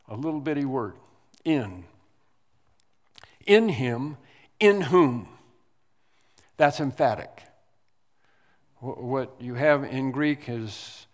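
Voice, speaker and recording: A man preaching an expository sermon as pastor, speaking deliberately and leaning hard on single words for emphasis. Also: medium pitch, long reverb tail. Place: church sanctuary.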